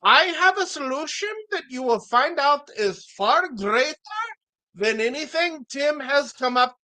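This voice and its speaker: A woman's voice: high voice, expressive, a little slow, sharp tone, voice pushed up, full character voice. Woman putting on a pompous foreign-accented town official. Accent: put-on foreign accent. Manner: grandiose, declaiming. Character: pompous male town official, self-important.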